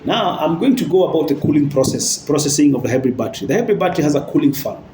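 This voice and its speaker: A hybrid battery technician demonstrating cells to viewers and checking in often with "okay?". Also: male voice, on the high side, lively intonation, very fast, reverberant, background noise. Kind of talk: hands-on explanatory demonstration.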